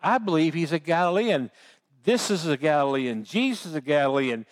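A man's voice: a little high, lively intonation, moderate pace. A man preaching a sermon, telling the story in a folksy, homespun way. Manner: folksy storytelling with baseball analogies.

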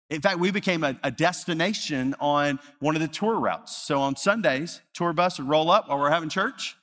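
A male pastor preaching a sermon, earnest, rising to loud emphasis and dropping to hushed, slow repetition. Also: a little high. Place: church sanctuary. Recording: reverberant church hall.

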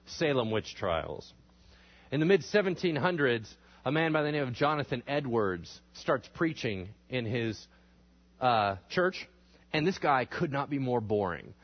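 A man gives a lively history lecture, posing questions to the class and performing quotes in exaggerated voices. His pitch is medium and his pace unhurried, and the recording has its highs cut off.

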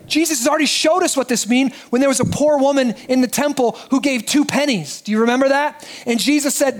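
Male pastor, very high voice, lively sermon delivery that drops to hushed emphasis. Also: moderate pace. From United States. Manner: animated preaching, dropping soft for emphasis.

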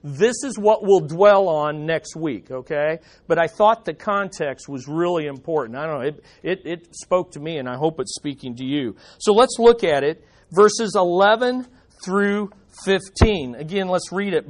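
A male pastor delivers a sermon in a high, ringing voice. He is animated, keeps putting rhetorical questions to the congregation, and speaks to a church gathering. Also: a little slow.

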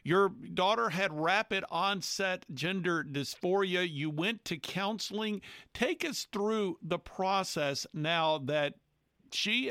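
A man hosting a radio interview, introducing his guest and asking questions in a measured, formal way. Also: on the high side, fairly bright tone, dry recording, clean studio sound. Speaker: radio host.

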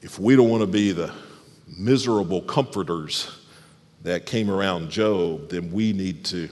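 A man preaching a sermon as pastor, animated, often dropping soft and low for emphasis. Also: unhurried. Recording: long hall reverb.

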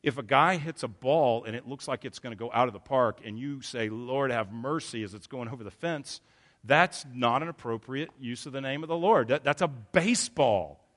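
A man's voice: medium pitch, expressive, moderate pace, fairly bright tone. A man preaching a sermon as pastor, earnest and emphatic, often stopping to correct himself.

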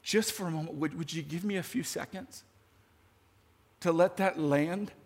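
A man preaching a sermon in a lively, conversational way, talking straight to his audience. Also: on the high side, normal speed. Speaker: pastor. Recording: long hall reverb.

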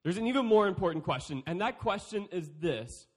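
A man's voice: high voice, expressive, a little fast, few pauses. A young man giving a playful youth sermon, joking and acting out quotes. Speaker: youth speaker.

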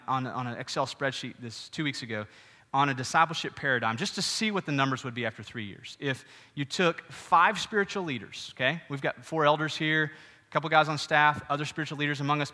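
A middle-aged man preaches a sermon in a casual, animated way, tossing asides to his congregation. His voice is somewhat high and bright, and it rings with the long reverb of a church hall. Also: a little fast. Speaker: pastor.

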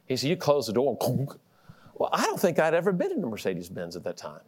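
Male preacher, middle-aged, storytelling sermon, very lively pitch, self-mocking laughs. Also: quick pace. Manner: animated storytelling, repeats words, laughs at himself.

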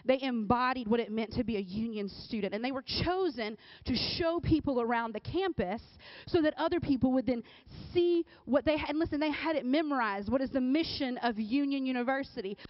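A woman giving a casual, conversational sermon, often checking in with the crowd with a quick "right?". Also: high-pitched, no room sound. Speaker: speaker at a church or youth service. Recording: dull, dry recording.

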